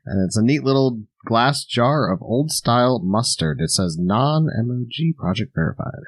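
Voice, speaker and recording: A man's voice: mid-range voice, expressive, moderate pace, dry recording. A man co-hosting a casual podcast, with dry, teasing remarks. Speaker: podcast co-host. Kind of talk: casual chat.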